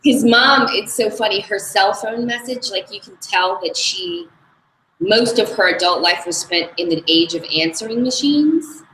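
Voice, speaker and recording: A woman in her thirties tells stories in a casual, chatty way as co-host. Her voice is mid-pitched and sounds roomy, with faint background noise. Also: lively intonation, a little slow, sharp tone. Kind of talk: casual podcast chat. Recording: echoey room, faint noise.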